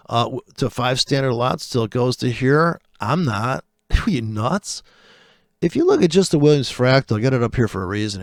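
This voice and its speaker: A man with a gravelly, fry-laden voice rants through his chart commentary. He swears freely and mocks others with biting sarcasm. His voice sounds dry and close, with no room around it. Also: medium pitch, no room sound. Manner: profane, sarcastic, mocking. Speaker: trader. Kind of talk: ranting commentary over live charts.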